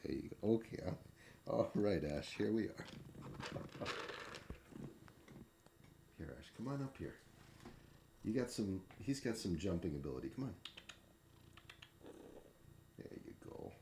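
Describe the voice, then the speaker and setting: A low-voiced man with a gravelly, fried edge talks unhurriedly at home as he hands out treats to his cats. He coos and baby-talks to them, his voice swooping widely, and chuckles now and then between lines. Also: very animated, a little slow, long pauses, noisy background. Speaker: vlogger. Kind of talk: casual talk while feeding pets. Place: home indoors.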